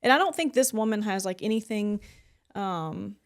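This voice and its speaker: A woman's voice: medium pitch, animated, moderate pace. A woman co-hosting a podcast in casual chat, telling a long story and filling her talk with "like". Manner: rambling storyteller, heavy use of "like". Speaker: podcast co-host.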